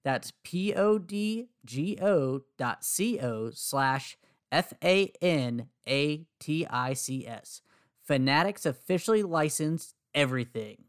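A man's voice: a little high, expressive, slow pace. A man co-hosting a sports podcast who also reads the sponsor ad. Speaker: podcast co-host. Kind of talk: casual podcast chat and ad read.

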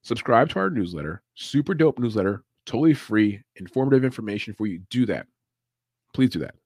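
Casual male podcast host, a bit low-pitched, swears freely, laughs a lot, dry close sound. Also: big pitch swings, brisk, darkish tone, husky, dry recording. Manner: loose, profane, laughs often. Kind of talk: casual livestream chat.

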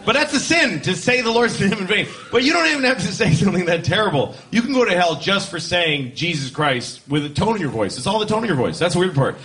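A man's voice: high-pitched, very animated, fast talker, few pauses. A man performing a stand-up comedy routine, telling a story in a jokey, irreverent way and acting out voices. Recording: live show with loud audience laughter. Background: crowd laughing.

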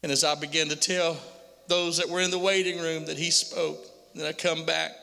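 A man's voice: fairly high pitch, level tone, moderate pace, gravelly, pushed and bright. A middle-aged father telling an emotional personal testimony to a pastor, earnestly and with frequent repetition. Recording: long hall reverb.

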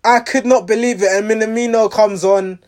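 A man's voice: high voice, fairly even intonation, moderate pace, a little mellow. A man giving a rambling, exasperated reaction to his team's match, restarting his sentences often. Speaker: football fan reviewing a match.

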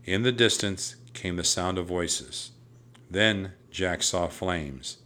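A man narrating a children's storybook aloud in a steady, even storytelling voice. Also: low voice, slow pace.

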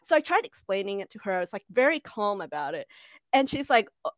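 A young woman casually telling a story about a job, animated and acting out the people in it. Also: medium pitch, fast, no echo. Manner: animated, acts out quoted voices. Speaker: podcast co-host.

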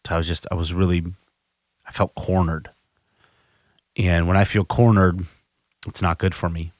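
Low-voiced guy talking candidly about recovery, lots of restarts, dry close sound. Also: little pitch movement, moderate pace, no room sound. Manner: candid, self-reflective storytelling with frequent restarts. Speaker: podcast host. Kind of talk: personal recovery monologue.

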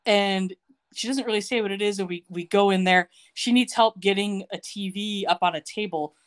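A woman's voice: medium pitch, moderate pace. A woman co-hosting a podcast, recapping a TV episode in casual chat, sarcastic and laughing often. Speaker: podcast co-host.

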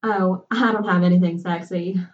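A woman's voice: lowish voice, steady tone, moderate pace, echoey room, recorded from a distance, dull audio, lightly acted. A woman voicing a shy, sheltered young college woman who speaks timidly and hesitantly.

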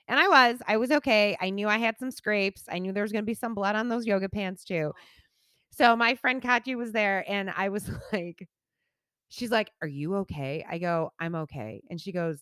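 A woman's voice: mid-range voice, expressive, normal speed, fairly bright tone, smooth, no echo, studio quality. A woman in her forties, a podcast co-host, telling a story in casual chat, acting out the quotes and swearing freely. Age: 40s.

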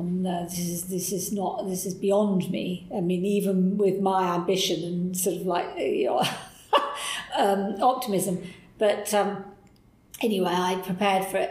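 Enthusiastic woman telling stories, roomy echo. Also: fairly low pitch. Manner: animated and enthusiastic, acts out quoted voices. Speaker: podcast guest. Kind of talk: candid anecdotal storytelling.

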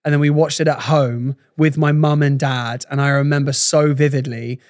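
A man co-hosting a casual podcast, teasing his co-host and quick to laugh. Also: fairly high pitch, steady tone, darkish tone, dry recording, studio quality.

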